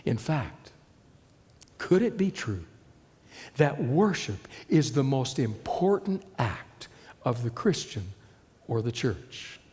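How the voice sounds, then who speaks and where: A man preaching a sermon, moving from loud declaration to hushed emphasis. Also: medium pitch, sing-song, takes it slowly, pauses often, in a large hall, a little hiss or hum. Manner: dramatic shifts between loud and hushed delivery.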